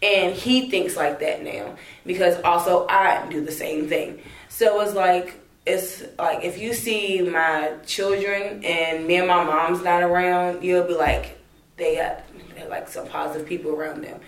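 A young woman with a lowish voice tells family stories in a casual interview. She laughs often and jumps higher when she acts out what others said. The room around her echoes. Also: fairly even intonation, a little slow. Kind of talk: casual storytelling.

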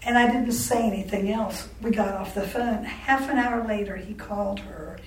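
A woman's voice: mid-range voice, fairly even intonation, moderate pace. Woman, blunt, outspoken, storytelling interviewee, echoey room, faint background hiss. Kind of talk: oral history storytelling. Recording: roomy echo, distant mic, faint background noise.

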